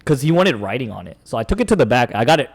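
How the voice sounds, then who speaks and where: A man's voice: medium pitch, racing. A young man co-hosting a podcast, telling a work story in casual chat and acting out the people in it. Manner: animated storyteller, acts out customers and managers, laughs often. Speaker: podcast co-host.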